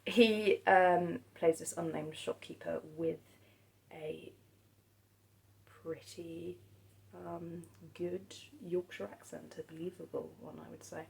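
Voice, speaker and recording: A woman talking casually about old horror films, soft-spoken and hesitant, with many pauses and restarts. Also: fairly low pitch, fairly even intonation, vocal fry, a little hiss or hum, poor audio. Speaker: film vlogger.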